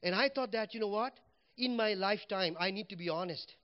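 A man's voice: sits high, brisk, clear, resonant tone, highs cut off. A man preaching a personal testimony in church, telling his story animatedly and acting out what he said and thought. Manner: animated storytelling, voice swinging up and down as he relives moments.

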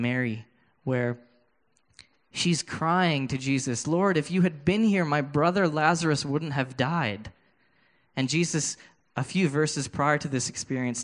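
A preacher with a medium-pitched voice delivers a sermon built around his personal testimony. He speaks earnestly into a handheld microphone, halting and often restarting his words.

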